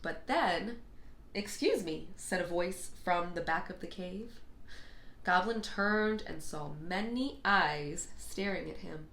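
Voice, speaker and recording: A woman reading a children's bedtime storybook aloud in an expressive, lilting way. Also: on the low side, slow pace. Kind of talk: read-aloud storybook narration. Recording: echoey room.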